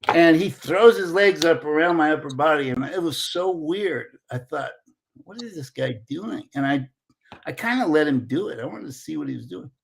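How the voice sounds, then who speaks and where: A man in his sixties, an interview guest telling a lively anecdote and acting out the dialogue. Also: on the high side, normal speed, vocal fry, a little hiss or hum. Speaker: interview guest, former Olympic wrestler. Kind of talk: casual storytelling.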